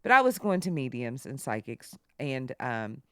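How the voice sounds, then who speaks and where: A middle-aged woman co-hosting a podcast, telling stories in a casual, animated way and jumping up high when she quotes others. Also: moderate pace, dry recording, clean studio sound. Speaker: podcast co-host. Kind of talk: casual storytelling chat.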